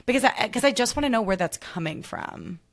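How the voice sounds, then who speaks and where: A woman hosting a podcast in a gushing, animated way, full of fillers like "like". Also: a little high, brisk. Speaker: podcast host. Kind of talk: casual podcast chat.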